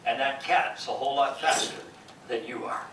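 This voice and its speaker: A man voicing a cautious mother mouse warning her little ones, in a hushed, low, earnest manner, as part of a story told to a live audience. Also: moderate pace, lightly acted. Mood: urgent. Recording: echoey hall from far off with noise.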